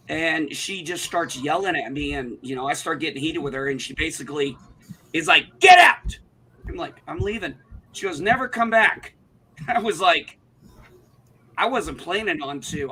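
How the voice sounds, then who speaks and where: Man in his thirties, bright forceful voice, riled-up profane storyteller on a livestream. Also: on the high side, slightly rough. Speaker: livestream co-host. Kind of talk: casual chat, telling a story.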